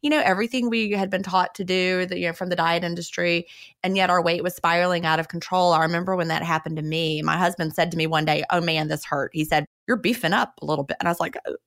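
Gravelly-voiced woman podcast host. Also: lowish voice, steady tone, fast, no room sound, clean studio sound. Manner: warmly empathetic, sharing her own experience. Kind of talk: interviewing.

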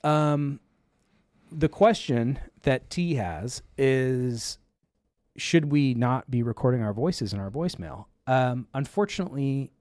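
Mellow-voiced man hosting a tech show. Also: mid-range voice, takes it slowly, no echo, studio quality. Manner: animated storyteller, acts out quoted voices. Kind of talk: casual tech talk show.

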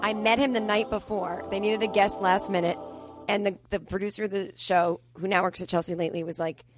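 Fast-talking deadpan woman comic. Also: medium pitch, music in the background. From Boston. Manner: deadpan, matter-of-fact delivery of absurd stories. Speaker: comedian guest. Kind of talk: improvised comedy storytelling.

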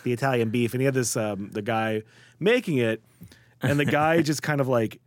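A man from the Chicago area tells food stories as a guest in a casual interview. His pitch sits in the middle, and he acts out the people he quotes with lively jumps in his voice. The mic is close and dry. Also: moderate pace, no room sound. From Chicago area, USA. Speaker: guest writer.

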